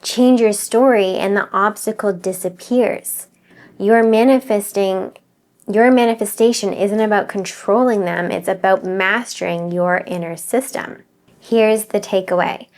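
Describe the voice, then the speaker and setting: A woman's voice: medium pitch, measured pace, darkish tone. A woman who coaches mindset, talking straight to her viewers in an earnest, encouraging way and repeating her key phrases. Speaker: mindset coach and channel host. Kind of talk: motivational talk to camera.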